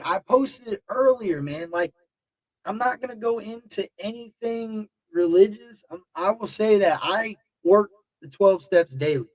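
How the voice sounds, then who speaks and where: A man with a high-pitched voice talks straight to his livestream chat, blunt and heated, swearing freely. He rambles and circles back on himself. The sound is dry, with no room echo. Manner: emotional and heated. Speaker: YouTube livestream host. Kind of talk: casual livestream talk to chat.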